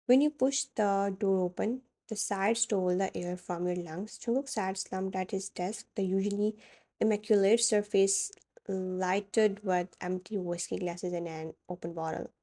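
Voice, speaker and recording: A woman narrating second-person fan fiction in a steady, dramatic storytelling manner. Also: mid-range voice, unhurried.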